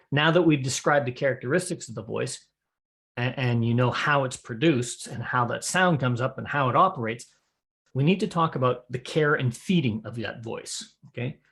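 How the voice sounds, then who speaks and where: A middle-aged man gives a spoken lesson to square dance callers. His voice sits at an ordinary middle pitch. He explains breathing in a folksy, practical way and acts out each step as he goes. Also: vocal fry, fairly bright tone. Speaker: square dance calling instructor.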